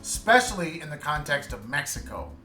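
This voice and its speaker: A man's voice: on the high side, sing-song, brisk, bright, forceful tone, roomy sound, soft background music. A man co-hosting a podcast, talking casually and earnestly, often restarting while he searches for the right words. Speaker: podcast co-host. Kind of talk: casual chat.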